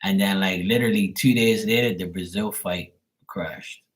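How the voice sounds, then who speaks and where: A man's voice: deep voice, normal speed. A man hosting a tarot livestream, chatting casually with viewers in a rambling, profane storytelling way.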